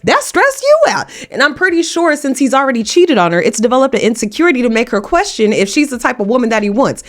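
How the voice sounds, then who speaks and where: A woman recaps a reality show with sassy, outspoken commentary full of slang. Her voice is fairly high and very animated, with wide swings in pitch. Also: quick pace. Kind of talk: casual commentary.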